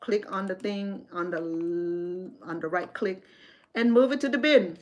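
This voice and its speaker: A woman's voice: on the low side, a little slow. A woman hosting a casual livestream from home, chatting through a computer walkthrough with many restarts. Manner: chatty, with frequent restarts and fillers. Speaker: livestream host.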